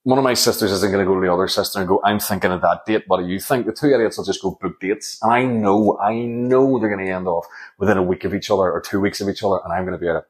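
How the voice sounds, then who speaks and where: A middle-aged man rambles through a solo comedy podcast. His voice sits somewhat low as he rants, sweary and sarcastic, with lots of restarts. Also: steady tone, racing.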